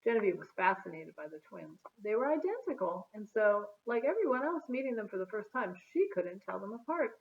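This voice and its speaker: A woman reading a children's chapter book aloud in an expressive, storytelling manner. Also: medium pitch, a little fast, hardly any pauses. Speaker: storybook reader. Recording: phone-like narrow sound.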